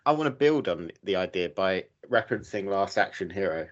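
A man with a very low voice, chatting casually on a podcast. He pitches ideas with enthusiasm and hesitates on fillers between them. The sound is dull and lo-fi. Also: lively intonation, a little fast. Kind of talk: casual chat. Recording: dull lo-fi mic.

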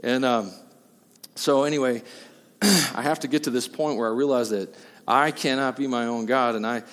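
A pastor preaching a sermon, emphatic and swinging between loud and quiet, with jokey asides. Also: male voice, medium pitch, fairly even intonation, normal speed. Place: church hall. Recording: long hall reverb.

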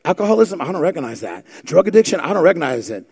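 A man's voice: fairly high pitch, big pitch swings, fast talker, a little mellow, breathy edge. A middle-aged male pastor preaching a fervent sermon, quoting scripture and firing rhetorical questions at the congregation.

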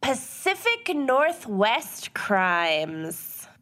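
A giggly, upbeat woman co-hosting in casual banter while sick with a cold. Her voice sits a little high, and she speaks at a slow, easy pace. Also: big pitch swings, a bit bright. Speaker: podcast co-host. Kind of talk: casual banter among friends.

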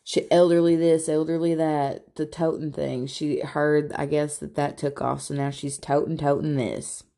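A woman's voice: low voice, flat delivery, normal speed, gravelly, few pauses, dark tone. A woman casually recapping a reality show in a blunt, profane, gossipy manner.

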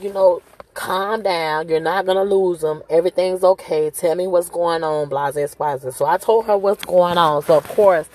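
Woman, somewhat low pitch, emotional first-person storyteller, casual and full of fillers. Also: a little mellow, slight background noise. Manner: conversational and emotional, with many fillers. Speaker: mother and hospital worker.

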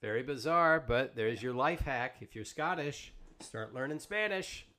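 A man's voice: mid-range voice, lively intonation, unhurried, sharp tone. Easygoing man hosting a podcast. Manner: reads out viewer questions with hesitant fillers. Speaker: podcast host. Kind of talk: casual interview chat.

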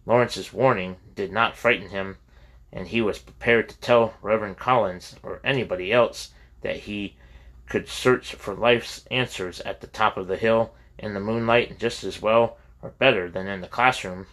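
Male audiobook narrator, steady measured reading, slightly low pitch. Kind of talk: scripted narration.

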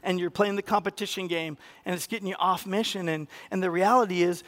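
A man preaching a sermon as pastor, animated and acting out quoted voices with sudden rises in pitch and loudness. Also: a little fast, few pauses.

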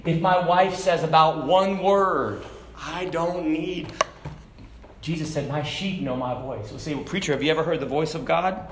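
A man preaching a sermon, moving between shouted passages and quiet, conversational asides. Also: fairly high pitch, normal speed, echoey room, slight background noise. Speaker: pastor.

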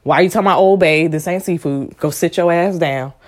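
A woman's voice: fairly low pitch, fairly quick, lightly acted. A woman voicing God as a stern, exasperated male deity who scolds bluntly and profanely.

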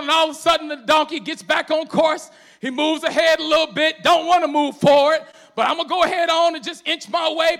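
A man's voice: very high voice, creaky, bright, forceful tone. A man preaching a sermon, telling the story in a folksy way and calling out to the congregation for responses.

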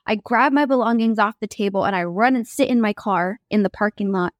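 A young adult woman, a podcast guest, telling a personal faith story with lively acted-out quotes. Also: medium pitch, fairly quick, dry recording. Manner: animated, acts out quoted voices.

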